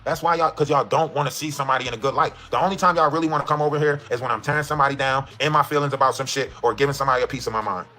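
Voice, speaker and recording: A man's voice: mid-range voice, steady tone, very fast, hardly any pauses, bright, forceful tone, a little hiss or hum. A man in a livestream clip, ranting defiantly and ending his points with "right?". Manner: defiant, repeats "right?" often. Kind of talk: livestream rant.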